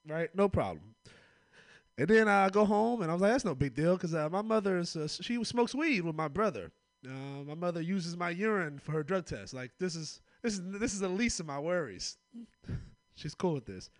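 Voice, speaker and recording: A man's voice: high voice, big pitch swings, moderate pace, no echo. A young man from Oakland doing a loose, rambling stand-up set full of laughter. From Oakland, California. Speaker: stand-up comedian.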